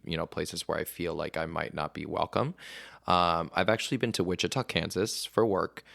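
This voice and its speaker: A man's voice: low voice, vocal fry, fairly bright tone, dry recording, studio quality. A young adult man from Venezuela, a guest talking casually in an interview, rambling with lots of fillers. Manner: chatty, rambling storyteller with many fillers. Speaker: actor and podcast guest.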